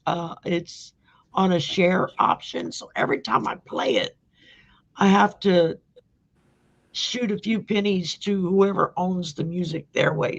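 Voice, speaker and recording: A woman from Louisiana with a Cajun accent hosting a casual live video chat, hoarse from a sore throat, chatty and rambling with frequent laughs. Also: mid-range voice, highs cut off. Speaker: host.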